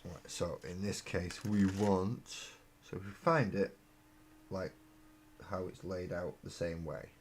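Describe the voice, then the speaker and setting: A man's voice: low-pitched, slow pace, a little hiss or hum. An English man hosting a live stream, chatting casually and rambling in a self-mocking way while he builds miniatures. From England. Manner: rambling and self-mocking, often trailing into mumbles. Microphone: desk mic on a live webcam stream.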